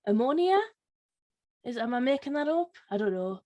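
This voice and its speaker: A woman's voice: a little high, animated, moderate pace, mellow, highs cut off. A woman speaking as a guest on a political panel, hesitant with many fillers and restarts. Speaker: panel guest, Labour councillor. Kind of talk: casual panel discussion.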